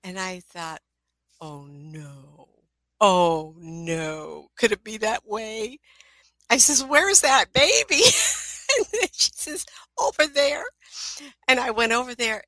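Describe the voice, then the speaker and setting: A middle-aged woman, a psychic, telling personal stories in an animated way, with frequent laughter and asides. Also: medium pitch, no echo, low-quality recording. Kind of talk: storytelling talk.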